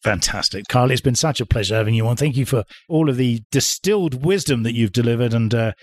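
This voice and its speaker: A man hosting an interview podcast, quizzing his guest playfully with quick questions and small laughs. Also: mid-range voice, animated, no room sound. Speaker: podcast host.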